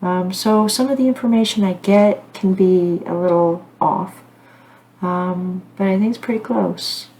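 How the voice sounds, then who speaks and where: A woman's voice: mid-range voice, unhurried, warm tone. A middle-aged woman talking casually to camera as a psychic host, rambling and earnest with frequent fillers and apologies. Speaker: psychic medium channel host.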